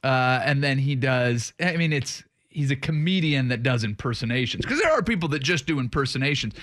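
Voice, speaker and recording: A man's voice: fairly quick, no room sound, studio quality. A man co-hosting a weekend sports radio show, joking and bantering with his partner. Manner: animated, joking, booming greetings. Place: radio studio.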